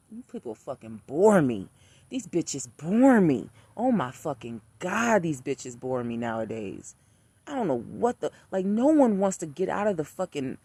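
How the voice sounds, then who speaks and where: A man's voice: high-pitched, darkish tone, husky, no echo. A man talking in a blunt, profane casual rant about spirits, repeating himself for emphasis. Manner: blunt, profane, rapid-fire repetition. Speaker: spiritual practitioner ranting to camera.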